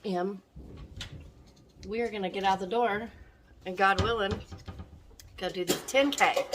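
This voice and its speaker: A woman's voice: medium pitch, steady tone, measured pace, pauses often. A middle-aged woman chatting to camera in a casual, disappointed, rambling way. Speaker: vlogger. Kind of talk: casual vlog talk to camera. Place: in a car on a rainy day. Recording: noisy car recording.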